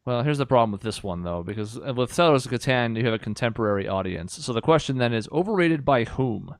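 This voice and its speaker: A young man on a podcast, arguing his views in full sentences with a mid-pitched voice. He turns mock-exasperated when he gets going. The recording is dry and close. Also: expressive, quick pace, dry recording. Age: young adult. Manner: articulate, opinionated, mock-exasperated. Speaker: podcast co-host. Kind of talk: casual chat.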